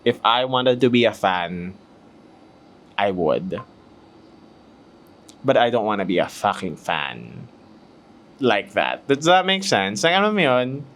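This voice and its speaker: Animated Filipino man chatting. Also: fairly low pitch, takes it slowly, long pauses. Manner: chatty and self-mocking, fumbling retakes. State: sweaty and hot. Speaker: podcast host. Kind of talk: casual chat mixing English and Tagalog. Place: room at home with curtains.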